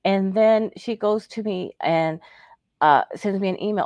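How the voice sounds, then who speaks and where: A woman's voice: mid-range voice, a little slow, a little mellow, no echo, lo-fi sound. A woman co-hosting a talk show who chats openly and animatedly about her own experience, acting out what others said to her. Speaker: co-host. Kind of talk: candid personal storytelling.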